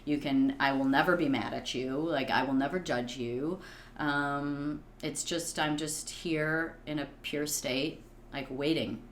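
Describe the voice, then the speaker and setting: A woman in her thirties speaks in a low register, earnest and searching, filling her thoughts with "like". Her voice rings a little in a roomy space, with faint noise behind. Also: fairly even intonation, unhurried. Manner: earnest, many fillers like "like". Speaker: podcast guest. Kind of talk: reflective conversation.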